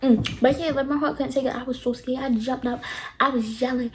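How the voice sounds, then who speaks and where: A young woman vlogger telling a storytime tale to her viewers, animated and dramatic, talking straight to them. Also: high-pitched, brisk, slight background noise. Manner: animated, dramatic retelling, addresses viewers directly. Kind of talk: casual storytime.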